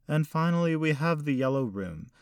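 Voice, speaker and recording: A man's voice: on the high side, animated, smooth, no room sound, studio quality, voice pushed up. A man doing a stiff, formal old butler. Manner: stiff, ceremonious and slow.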